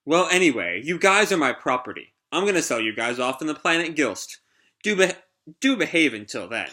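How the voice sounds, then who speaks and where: A man reading the lines of a calm, condescending female pirate captain. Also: on the high side, a little fast. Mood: cool.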